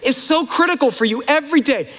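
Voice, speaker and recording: An animated male pastor in the middle of a sermon, with a high, bright-sounding voice. He talks right to his congregation, throws in asides and laughs, and his voice carries a long, reverberant hall echo. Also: quick pace.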